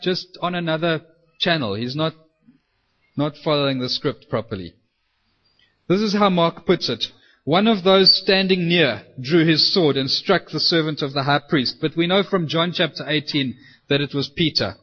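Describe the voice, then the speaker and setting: A man preaching a sermon, telling a Bible story with lively acted-out quotes. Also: high voice, lo-fi sound. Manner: animated storytelling, acts out quoted voices.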